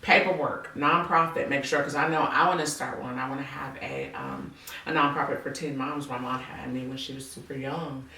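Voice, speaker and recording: A woman hosting a casual faith-based interview, animated and playful, acting out quotes with big jumps in her voice. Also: very deep voice, normal speed, reverberant, recorded from a distance, rough recording. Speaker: podcast host.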